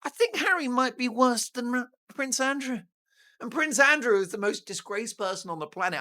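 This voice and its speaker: British male talk host, mocking and theatrical, lively swings in pitch, bright voice. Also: normal speed. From Britain. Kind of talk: opinionated news commentary.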